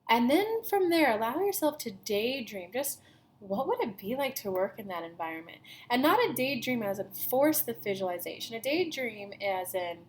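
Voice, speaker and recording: A woman's voice: fairly high pitch, sing-song, moderate pace, a little hiss or hum. A woman giving a channeled spiritual talk, speaking as a collective "we" and repeating her key phrases earnestly. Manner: speaks as a collective "we", talks about herself in the third person.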